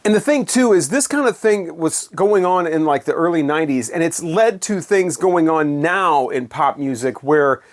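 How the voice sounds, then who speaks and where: A man's voice: a little high, moderate pace, few pauses. A man giving a casual spoken album review in a sarcastic, dismissive, rambling way.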